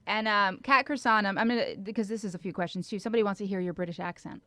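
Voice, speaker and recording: A woman's voice: mid-range voice, fairly even intonation, very fast, sharp tone, no echo. A woman co-hosting a podcast, joking and teasing her guest. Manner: jokey, teasing. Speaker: podcast co-host. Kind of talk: casual interview chat. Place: podcast studio.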